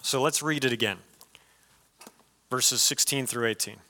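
A male pastor preaching a sermon in a conversational, lively way, with frequent asides to the congregation. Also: medium pitch, measured pace.

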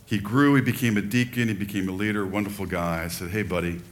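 An older man preaching a sermon in a relaxed, conversational way, telling personal stories and acting out quoted lines. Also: lowish voice, quick pace. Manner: conversational, animated storytelling with quoted asides. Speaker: pastor.

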